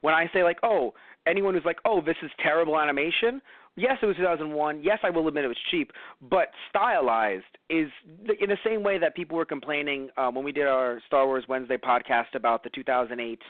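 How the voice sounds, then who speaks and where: A man chatting casually as a podcast co-host, lively and fond of acting out other people's words. His voice sits somewhat high. The sound is tinny and narrow like a phone line, with a dry, close feel. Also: brisk, few pauses, no room sound. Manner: animated, acts out quoted voices. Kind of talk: casual chat.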